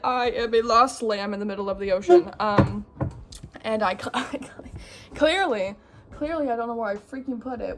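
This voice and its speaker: A woman's voice: on the high side, noisy background. A young woman vlogging her day in a casual, rambling, self-deprecating way. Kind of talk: casual vlog chat.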